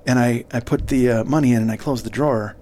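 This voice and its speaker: A middle-aged man, a comedian guest, telling a long story in a casual, animated way, laughing and acting out the other people's lines. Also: medium pitch, fast, slight background noise.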